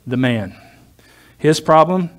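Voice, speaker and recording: A man's voice: fairly high pitch, animated, takes it slowly. A male pastor preaching a sermon in a conversational, digressive way, with joking asides to his congregation.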